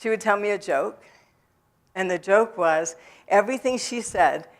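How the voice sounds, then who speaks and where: A woman speaking in a church, telling her own story to the audience in a halting way, with many pauses and fillers. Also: mid-range voice. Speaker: guest speaker at a recovery event. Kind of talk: personal testimony to a church audience. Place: church sanctuary.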